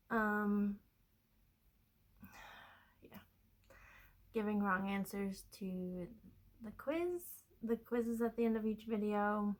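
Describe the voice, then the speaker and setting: A talkative woman from Kentucky with a fairly high voice, hosting a knitting video. She rambles through her stories with lots of fillers and easy laughs. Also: rough recording. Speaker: knitting podcaster. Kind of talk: casual chat.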